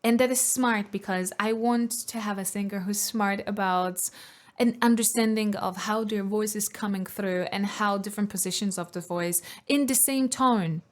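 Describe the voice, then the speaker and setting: A woman's voice: medium pitch, normal speed. A woman vocal coach giving analytical reaction commentary on singing technique, sometimes singing short demonstrations.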